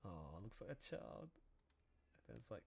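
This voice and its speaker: A man who is a comic artist, chatting casually on a stream in a chatty, animated way. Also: on the low side, measured pace, vocal fry, breathy edge. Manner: chatty, animated, prone to laughing and restarts. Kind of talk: casual chat.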